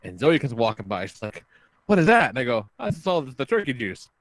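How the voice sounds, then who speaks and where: A man hosting a podcast, telling a long story in casual chat, animated and full of swearing. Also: medium pitch, a little fast, no room sound. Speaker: podcast host.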